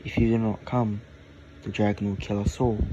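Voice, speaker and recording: A man's voice: lowish voice, level tone, normal speed, lo-fi sound, noisy background, close to an everyday voice. A man doing an anxious castle guard. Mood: urgent.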